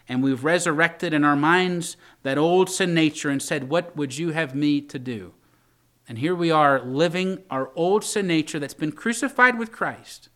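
A man's voice: fairly high pitch, fairly bright tone. A man preaching a sermon, reading scripture aloud and pleading in the voice of a repentant king. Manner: impassioned preaching, quoting scripture in old English, pleading voice for David. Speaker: pastor.

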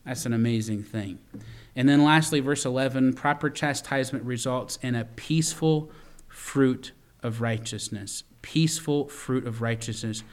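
A man's voice: mid-range voice, normal speed. A middle-aged man preaching a sermon as pastor, earnest and full of stories, with frequent stumbling restarts.

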